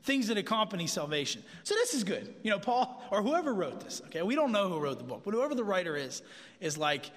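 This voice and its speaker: A man giving a casual, animated sermon as a pastor, often repeating himself as he goes. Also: sits high, fast, long reverb tail.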